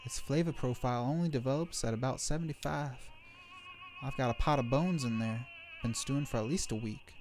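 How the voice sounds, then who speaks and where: A male streamer plays through a narrative game, reading each character's lines out loud with a playful touch and tossing in quick jokes between them. Soft game music plays faintly in the background. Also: mid-range voice. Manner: playful, reads game lines aloud between jokey asides. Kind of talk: live game stream, reading dialogue aloud.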